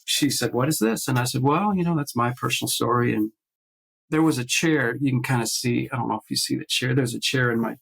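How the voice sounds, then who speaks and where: Gravelly man telling a story haltingly. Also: mid-range voice, a bit bright, rough recording. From based in Nashville. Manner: halting, many fillers and restarts, acts out quoted voices. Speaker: guest artist. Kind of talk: casual interview storytelling.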